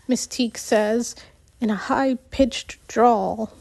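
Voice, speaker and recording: A woman's voice: on the high side, slow, darkish tone. A woman narrating a novel in the first person, with slips and retakes. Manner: unpolished reading with slips and retakes. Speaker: audiobook narrator.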